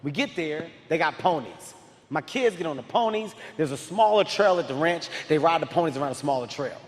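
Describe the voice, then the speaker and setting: Man, stand-up comic, loud and animated, fairly high voice, big reverberant hall. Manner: loud, animated storytelling with frequent shouting. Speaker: stand-up comedian. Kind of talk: stand-up comedy. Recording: live hall reverb, faint crowd ambience.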